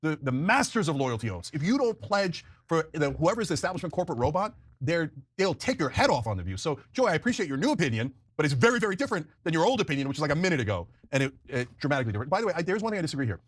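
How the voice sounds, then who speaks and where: A male talk show host delivering emphatic, animated political commentary. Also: on the high side, rapid-fire, hardly any pauses, no echo.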